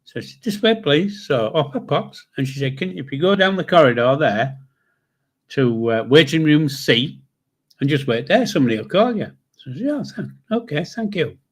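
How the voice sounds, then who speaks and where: A man's voice: fairly high pitch, lively intonation, normal speed, slightly rough. A man, telling a rambling, salty anecdote on his live stream. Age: 60s. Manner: chatty, swears freely, chuckles through his stories.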